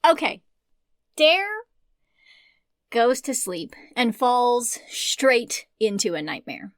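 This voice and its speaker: A woman's voice: a little high, big pitch swings, slow, no room sound. A woman co-hosting a casual book podcast, chatty and joking, laughing often and swearing now and then. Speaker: podcast co-host.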